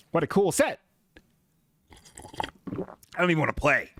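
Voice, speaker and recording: A man in a comedy podcast rambles through a profanity-laced story at his own expense. His pitch leaps high and drops low with lively swings. The sound is dry and close. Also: moderate pace, no echo. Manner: rambling, profane and self-mocking. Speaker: podcast host.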